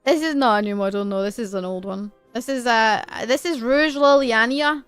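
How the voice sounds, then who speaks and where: A woman's voice: fairly high pitch, normal speed, a bit bright, clean tone, no room sound, soft background music. A woman streamer reading a visual novel aloud on a livestream, playful and giggly, with rambling asides.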